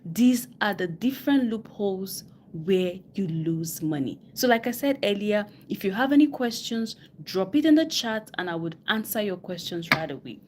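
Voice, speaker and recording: Her voice is medium-pitched and expressive, moving at a moderate pace over a little hiss or hum. This live-stream finance coach speaks English with a West African accent. She drives points home emphatically by repeating key phrases and quotes others in mocking voices.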